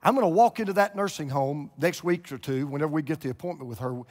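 A pastor preaching a televised sermon, swinging between hushed and loud emphatic lines. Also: male voice, fairly high pitch, fast, long reverb tail. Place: large church room.

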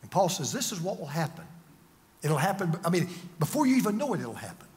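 An older man preaching a sermon as a pastor, dramatic, swinging from loud to hushed. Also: high-pitched, very animated, fast talker, long reverb tail.

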